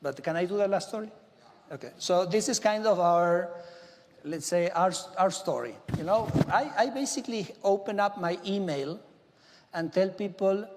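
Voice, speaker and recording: Brief: male minister, Argentine Spanish accent in English, high pitched, lively anecdotal speech, reverberant hall. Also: moderate pace. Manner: animated storytelling, frequent "okay?" asides. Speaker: government minister giving a speech. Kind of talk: speech to a business audience. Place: large conference hall.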